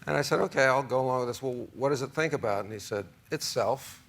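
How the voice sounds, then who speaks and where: A man in his forties tells a story as a talk show guest. He drifts through it with ums and restarts, and his voice sits in an ordinary middle pitch. The studio has a faint background hum. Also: very fast, creaky, a bit bright. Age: 40s. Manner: rambling storyteller, many restarts and fillers. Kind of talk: casual anecdote on a talk show.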